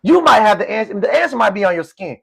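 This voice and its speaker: Raspy, fast-talking male stream host. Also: high-pitched, very animated, fairly bright tone. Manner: blunt, mocking, repeats himself. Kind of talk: casual live discussion.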